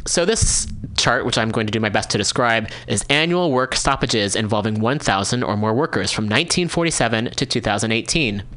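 A man's voice: medium pitch, fairly bright tone. A male radio host reading a news article aloud and describing a chart, breaking in with candid, casual asides. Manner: casual, candid asides between read passages. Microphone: studio microphone, no camera.

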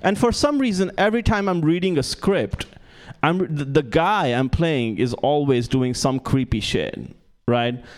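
Stammering man doing stand-up. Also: medium pitch. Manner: self-deprecating, stammering restarts. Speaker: stand-up comedian. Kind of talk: stand-up comedy set. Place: comedy club stage with live audience. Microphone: handheld stage mic.

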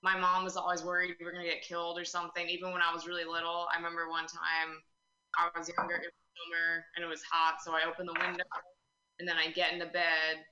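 Deadpan woman doing stand-up, bright voice kinda low, echoey club room. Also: lo-fi sound. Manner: deadpan with chatty fillers. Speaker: stand-up comedian. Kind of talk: stand-up comedy set. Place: club room with live audience.

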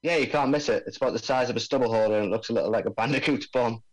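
A man's voice: mid-range voice, very fast, natural voice, rough recording. A man putting on a brash Aussie bomb expert. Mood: breezy. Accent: put-on Australian. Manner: slang-heavy, breezy, stumbles over jargon. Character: brash male Australian bomb-disposal expert. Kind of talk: amateur table read over a video call.

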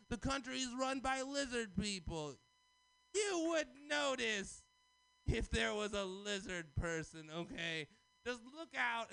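A man doing a stand-up comedy set at an open mic, loud and excitable, with squealing bits and shouted asides. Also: sits high, smooth, dry recording.

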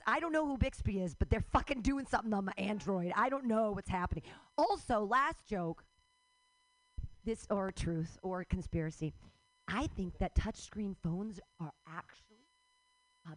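Stand-up: middle-aged woman, rambling, fairly high voice, dry close sound. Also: lively intonation, normal speed, no echo. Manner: rambling, jumps into loud outbursts, laughs at her own jokes. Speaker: stand-up comedian. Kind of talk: stand-up comedy set. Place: live comedy show.

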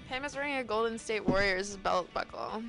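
Bright-voiced woman chatting on a radio show. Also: mid-range voice, brisk, faint music behind. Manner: blunt, corrects others, swears casually. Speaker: podcast co-host. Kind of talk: casual chat.

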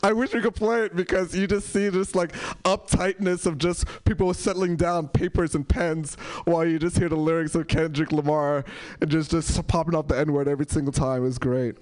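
A young man doing stand-up, telling stories and acting out characters in a high voice. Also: brisk. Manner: animated, acts out characters in a high voice. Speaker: stand-up comedian. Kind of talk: stand-up storytelling.

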